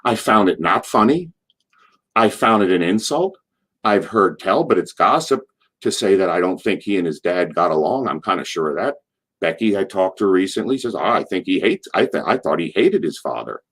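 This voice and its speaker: An older man, formerly a wrestler, rambles through an animated interview story and acts out its characters in voices. His voice sits low and sing-song at a normal pace, a bit bright and slightly rough.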